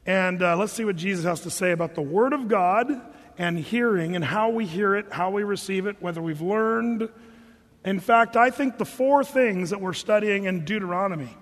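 A man preaching a casual, joking sermon, reading scripture slowly between everyday asides. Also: sits high, long reverb tail. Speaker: pastor.

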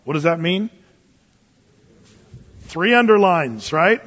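A man's voice: high-pitched, normal speed, long pauses, fairly bright tone. A man teaching the Bible verse by verse as a pastor, in a folksy, emphatic, chatty way. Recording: dull, echoey hall recording.

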